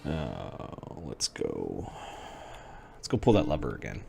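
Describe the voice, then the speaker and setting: A man giving playful live commentary while playing a retro role-playing game, muttering asides to himself and sometimes dropping to a hush. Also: very deep voice, wildly swooping pitch, slow pace, vocal fry, soft background music. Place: home streaming setup.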